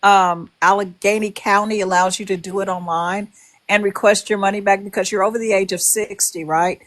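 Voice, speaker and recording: A woman's voice: medium pitch, steady tone, moderate pace, a bit bright. Chatty woman host, 60s, direct and advising. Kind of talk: casual chat.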